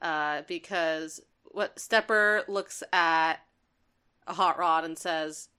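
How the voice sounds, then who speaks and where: A woman's voice: low-pitched, takes it slowly, pushed and bright, clear, resonant tone. A woman co-hosting a podcast, talking about a cartoon as an enthusiastic fan, with many fillers. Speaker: podcast co-host. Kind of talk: casual chat.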